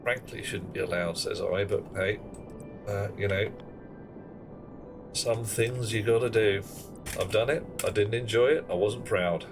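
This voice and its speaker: A man's voice: on the low side, a little slow, long pauses, music in the background. A man chatting on a live game stream in a wry, theatrical way. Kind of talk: casual live-stream chat.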